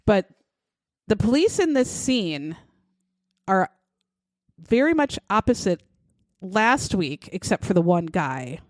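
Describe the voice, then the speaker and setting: Woman co-host, mid-pitched, blunt and profane, acts out quotes; dry, close recording. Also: sing-song, takes it slowly, pauses often, no room sound. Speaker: podcast co-host. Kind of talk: casual true-crime chat.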